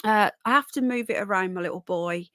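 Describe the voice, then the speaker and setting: A woman hosts a live podcast while sitting on her bed in her bedroom, using her own microphone on a camera setup. Her mid-range voice is brisk, and she's chatty and rambling, warmly greeting viewers in the chat by name.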